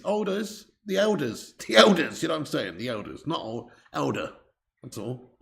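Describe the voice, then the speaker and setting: A man's voice: on the high side, very animated, moderate pace, vocal fry, fairly bright tone. A man, hosting a live football watch-along, chatting casually, reading out viewer comments and swearing freely. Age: 30s.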